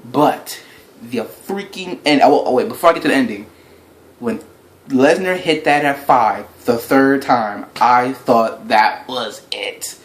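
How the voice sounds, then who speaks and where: A man giving a casual, rambling reaction review of a wrestling event, recounting the action play-by-play with excitement. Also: medium pitch, slow pace.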